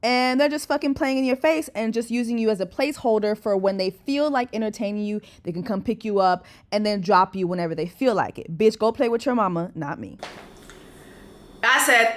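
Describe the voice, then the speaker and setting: A woman's voice: a little high, fairly quick, echoey room. A woman, telling a dating story in a vlog in a blunt, sassy way and reading texts aloud.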